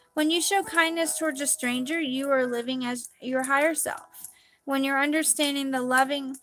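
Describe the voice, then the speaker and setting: High-voiced woman giving a gushing card reading. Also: pushed and bright. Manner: gushing, dreamy, calls herself quirky. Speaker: spiritual card reader. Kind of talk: live card reading stream.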